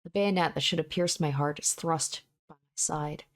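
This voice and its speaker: A woman narrating a visual novel aloud in a soft, steady, measured voice. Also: deep voice.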